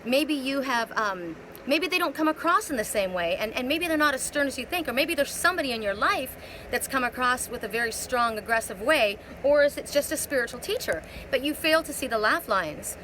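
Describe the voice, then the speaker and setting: A woman's voice: high-pitched, animated, brisk, pushed and bright, slight background noise, poor audio. A woman giving a live spiritual oracle card reading on a phone, rambling, repeating words and asking many rhetorical questions.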